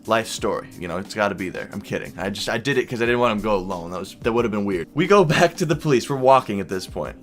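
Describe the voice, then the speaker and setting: A man's voice: lowish voice, faint music behind. Young man telling a wild story. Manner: animated, swearing, quick bursts into quoted voices. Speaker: YouTuber. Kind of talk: casual storytelling vlog.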